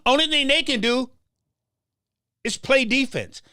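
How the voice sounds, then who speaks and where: Man, fired-up political commentary, stammering restarts, bright voice, very dry close recording. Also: very high voice, unhurried, smooth, no room sound. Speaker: show host.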